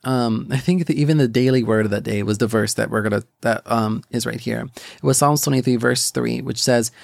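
Young guy, gravelly voice, middle pitch, talking about his faith in a halting, rambly way. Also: no room sound, studio quality. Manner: rambling, halting, many restarts and fillers. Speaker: podcast host. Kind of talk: personal faith testimony.

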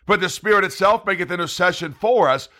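A man's voice: high voice, brisk, sharp tone. A man preaching a Bible study sermon, reading scripture aloud with emphasis. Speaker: evangelist preacher.

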